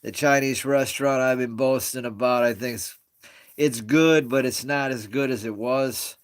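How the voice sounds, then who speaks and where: A man's voice: mid-range voice, fairly even intonation, normal speed. A man hosting a casual live stream from home on his phone, rambling and greeting viewers as they join. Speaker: livestream host.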